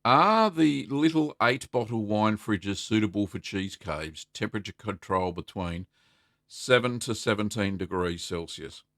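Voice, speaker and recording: A man's voice: fairly low pitch, expressive, a little slow, fairly bright tone, dry recording, studio quality. A middle-aged Australian man hosting a casual live stream, rambling in a friendly way and greeting viewers by name. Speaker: host.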